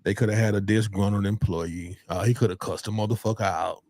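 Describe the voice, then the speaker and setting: A man co-hosts a casual talk show in a lowish voice, recorded dry and close. He is laid-back, asking questions and thinking out loud. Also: steady tone, fairly quick, no room sound. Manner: laid-back, asks questions and muses aloud. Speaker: podcast co-host.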